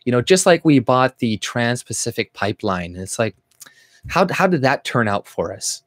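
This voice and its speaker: A man's voice: medium pitch, sing-song, moderate pace, no echo, clean studio sound. A Canadian man hosting his own channel, ranting bluntly and profanely on a livestream while reading viewer comments, with lots of fillers and restarts. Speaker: YouTube channel host.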